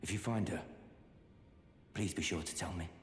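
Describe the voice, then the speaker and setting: A man voicing a polite young nobleman from a video game, formal and courteous, with a somewhat low voice. The sound is roomy and carries a long reverb. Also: normal speed, soft background music, lightly acted. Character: polite young male noble missing his servant.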